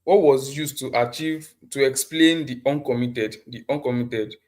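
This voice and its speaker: Speaking at normal speed in a mid-range voice with a darkish tone, a design instructor leads a live online class over his computer mic. He often repeats things and asks the students questions.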